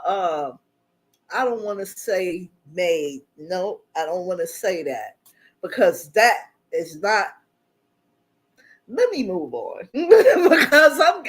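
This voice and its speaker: A woman hosting a casual livestream who talks to her chat, reads the comments aloud and laughs often. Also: a little high. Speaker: livestream host.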